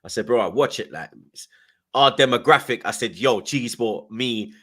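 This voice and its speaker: This podcast guest, a young man with a medium-pitched voice, tells an animated story at a moderate pace. He's excitable, uses London street slang and acts out the lines people said.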